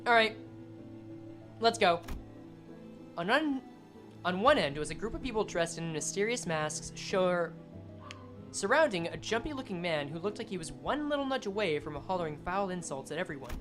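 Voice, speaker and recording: A woman gaming streamer with a lively, jumping voice, reading scenes aloud between casual, foul-mouthed jokes. Soft background music runs under her talk. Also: on the low side. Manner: casual, swearing, quick jokes. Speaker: game streamer. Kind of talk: let's play commentary and reading game text.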